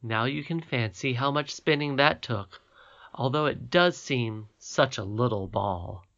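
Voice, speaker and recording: A man voicing a wise, gentle, mysterious old grandmother queen in an audiobook, calm, measured and tender. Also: mid-range voice, lo-fi sound. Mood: tender instructing. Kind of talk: audiobook character reading.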